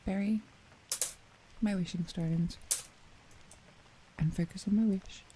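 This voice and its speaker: A woman streamer in a whispered role-play, chatting playfully and softly with viewers and often giggling. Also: medium pitch, fairly even intonation, takes it slowly, a little hiss or hum, low-quality recording.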